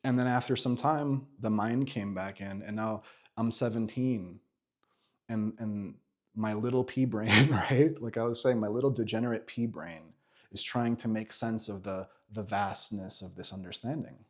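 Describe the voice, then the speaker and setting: This vlogger, a man in his thirties, recounts something from his own life with animation, cursing openly and frequently restarting amid plenty of filler words. He speaks at a normal speed in a fairly low pitch.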